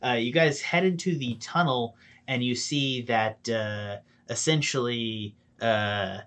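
A man's voice: medium pitch, slow, a bit bright. A man narrating as dungeon master, rambling with fillers and restarts. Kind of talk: narrating a tabletop game.

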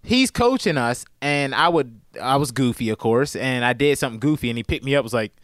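A man's voice: medium pitch, expressive, fairly quick, a bit bright, no echo, clean studio sound. A laid-back man in casual chat, swearing freely and chuckling as he tells a story.

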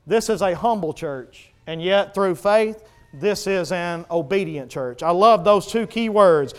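A man preaching a sermon, swinging between loud emphatic peaks and hushed low passages. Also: measured pace, few pauses, clear, resonant tone. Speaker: pastor.

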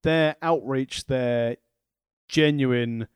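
A man's voice: mid-range voice, extremely slow, smooth, no room sound. A man co-hosting a wrestling podcast, making dry sarcastic quips in casual chat.

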